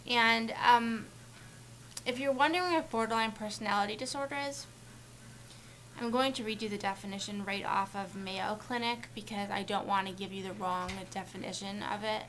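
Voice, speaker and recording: A woman's voice: mid-range voice, normal speed, a bit bright, a little hiss or hum. A young woman talking casually to camera on a shared vlog channel, rambling with many fillers and restarts. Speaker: vlogger on a collab channel.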